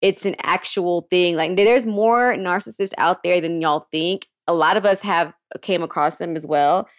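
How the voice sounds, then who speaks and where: A woman's voice: lowish voice, moderate pace, no room sound, clean studio sound. A young woman hosting a podcast, giving casual advice in a frank, slangy way with casual cursing. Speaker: podcast host.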